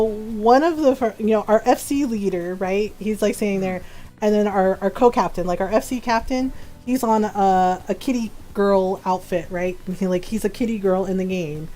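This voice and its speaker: A woman streamer telling a story in casual chat, animated, often laughing and acting out what other players said. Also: a little high. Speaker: game streamer.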